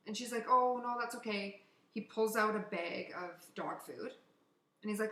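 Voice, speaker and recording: A woman co-hosting a casual podcast from Canada, telling a story in an animated way, swearing and acting out what people said. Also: mid-range voice, moderate pace. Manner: animated, swearing, acts out quotes. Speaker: podcast co-host. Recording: echoey room.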